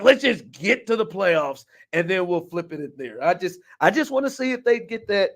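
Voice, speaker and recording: A man hosting a casual sports talk show, animated and incredulous, laughing often and packing his talk with fillers. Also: a little high. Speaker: podcast host.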